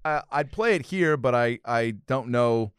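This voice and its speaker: A man with a smooth, resonant voice rambles through profane comedic stories, restarting his sentences as he goes. The recording is close and dry. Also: mid-range voice, lively intonation, measured pace, no room sound. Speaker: podcast host. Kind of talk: casual comedic podcast banter.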